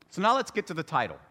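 Male pastor, animated and joking, pitch swinging widely, echoing sanctuary. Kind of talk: humorous sermon. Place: church sanctuary.

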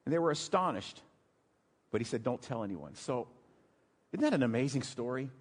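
Animated pastor preaching in a big reverberant hall. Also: male voice, mid-range voice, normal speed. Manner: animated storytelling, drops to hushed emotional tones. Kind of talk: sermon.

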